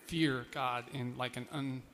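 A man's voice: mid-range voice, fairly even intonation, unhurried, fairly bright tone, long reverb tail, a little hiss or hum. A man preaching an informal, conversational sermon, with fillers and self-deprecating asides. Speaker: pastor.

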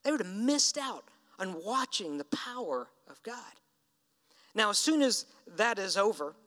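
A man's voice: high-pitched, sing-song, measured pace, a bit bright. A man preaching a sermon in a conversational storytelling way, acting out the lines he quotes. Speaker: pastor. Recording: reverberant hall.

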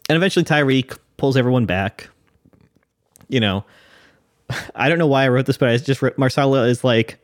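A man's voice: mid-range voice, normal speed, long pauses, dry recording, studio quality. A man co-hosting a casual chat, laughing often and swearing freely. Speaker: podcast co-host.

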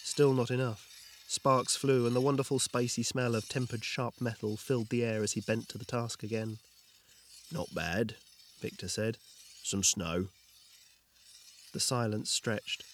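A man narrating a story aloud in a measured, unhurried reading. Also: mid-range voice, flat delivery, a little hiss or hum.

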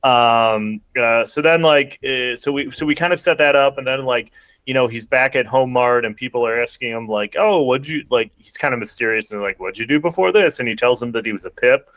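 A man's voice: mid-range voice, steady tone, fairly quick, a bit bright, clean tone, no room sound. A man hosting a casual podcast chat who recaps a movie in a rambling way, full of fillers. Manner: rambling, filler-heavy summarizing. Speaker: podcast host.

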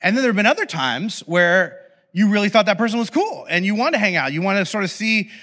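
A man's voice: high voice, big pitch swings, quick pace, pushed and bright. A man preaching a sermon, telling a story with playful acted-out asides. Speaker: pastor. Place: church podcast recording.

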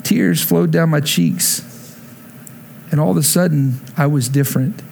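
A man preaching a sermon to a congregation, telling his own conversion story and climbing to emphatic peaks before dropping low and slow. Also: vocal fry, a little mellow, a little hiss or hum. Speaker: pastor. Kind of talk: sermon with personal testimony. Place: church sanctuary before a congregation.

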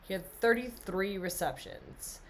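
A woman's voice: medium pitch, measured pace. A young woman hosting a casual, tipsy sports podcast, rambling, laughing and reading off stats. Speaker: podcast co-host.

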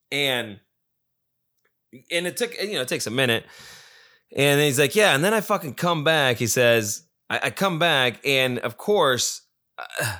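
Bright-voiced man telling a rambling story. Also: medium pitch. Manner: rambling and profane, with many restarts. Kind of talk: casual storytelling.

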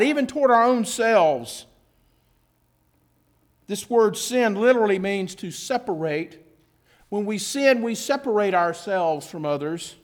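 A man with a strikingly high voice preaching a sermon. He leans on key words, slows down to stress them and repeats phrases for weight, then slips into relaxed, chatty asides. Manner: earnest, with drawn-out emphasis and repeated phrases; informal asides with a self-correcting laugh. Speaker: pastor.

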